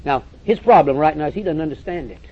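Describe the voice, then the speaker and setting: A man's voice: on the high side, lively intonation, fast, a little hiss or hum. A man preaching a sermon, emphatic and direct, repeating phrases and calling listeners to listen. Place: church or meeting hall with audience. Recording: dull lo-fi recording.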